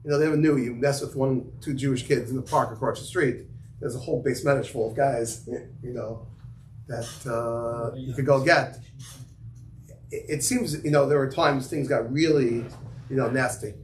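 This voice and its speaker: A man's voice: medium pitch, steady tone, normal speed. A man giving a casual yeshiva class to students, telling stories full of fillers and Yiddish and Hebrew terms. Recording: echoey room, faint ambient noise.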